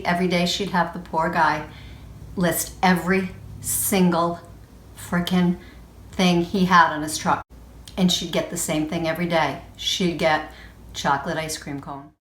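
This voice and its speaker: Low-voiced woman in an echoey room. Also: fairly even intonation, moderate pace. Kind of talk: wedding video message.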